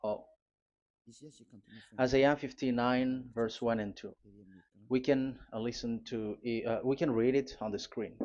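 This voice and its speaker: Animated, halting preacher with dull sound. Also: male voice, mid-range voice. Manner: halting, many fillers and restarts; urgent, emphatic warnings. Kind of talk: live sermon with scripture reading.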